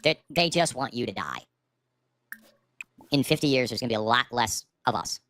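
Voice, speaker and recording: A middle-aged man vents on a livestream from his home, cursing and bitter. His voice is tense and forceful, and his despair is plain. His streaming microphone keeps the sound close. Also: mid-range voice, lively intonation, moderate pace. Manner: bitter, profane, despairing ranting. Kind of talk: livestream rant. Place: at home, seated. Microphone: streaming microphone with auto gain.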